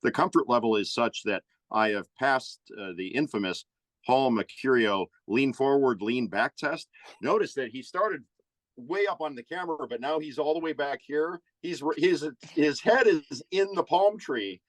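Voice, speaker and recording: A man's voice: medium pitch, expressive, moderate pace, no room sound, poor audio. A man who hosts a TV show, chatting playfully over a video call and plugging his show. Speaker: TV show host, guest. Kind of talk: casual comedic chat.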